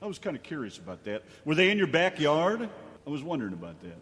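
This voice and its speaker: Male radio host, loud, profane, joking, lively high-pitched voice, reverberant room with music behind. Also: fast. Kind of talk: live internet radio banter.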